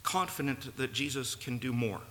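At a moderate pace, a pastor with a medium-pitched, fairly bright voice and lively intonation preaches earnestly in a church sanctuary, building toward emphatic peaks. The recording carries long reverb and faint room noise.

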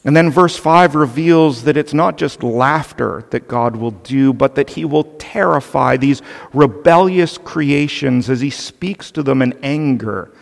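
A man's voice: mid-range voice, unhurried, vocal fry. A male pastor preaching a sermon earnestly and with animation, turning to the children with playful asides. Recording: long reverb of a large hall.

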